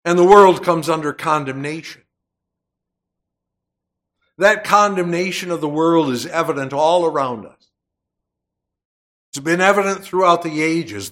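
A male preacher delivering a sermon in a slow, measured way, leaning hard on key phrases and letting them rise. His voice sits a little high for a man, and he takes his time between thoughts. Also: fairly bright tone. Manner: slow, deliberate preaching with emphatic swells.

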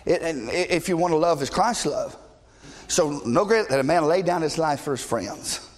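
A middle-aged man preaching a sermon as pastor, blunt and passionate, shouting at times and joking with the congregation. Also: fairly high pitch, lively intonation, normal speed. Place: church sanctuary. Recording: long reverb of a large church hall.

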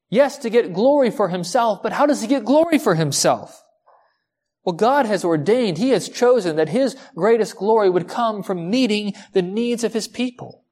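A pastor preaching a sermon in a conversational way, telling a story to the listeners and asking them rhetorical questions. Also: medium pitch.

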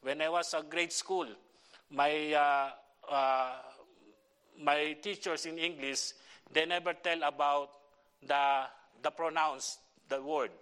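A middle-aged man with a Filipino accent preaches to a church, searching for words as he goes. His voice sits a little high and sounds bright and forward. He stops and restarts often and fills the gaps with "uh". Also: steady tone, clean tone. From Philippines. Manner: halting, many fillers and restarts. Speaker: visiting pastor. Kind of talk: church sermon and prayer request.

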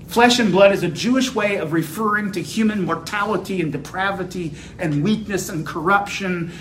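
A man preaching a sermon as pastor, slow and building to emphatic declarations. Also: a little high, fairly bright tone, echoey room, slight background noise, low-quality recording.

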